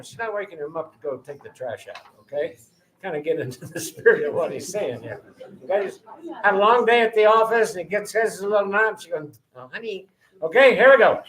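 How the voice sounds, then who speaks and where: A man directing a choir rehearsal, counting in, giving brisk notes and singing phrases to demonstrate. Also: sits high, poor audio. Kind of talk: rehearsal coaching. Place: rehearsal room with a choir and piano. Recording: loud piano and choir behind. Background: choir singing with piano.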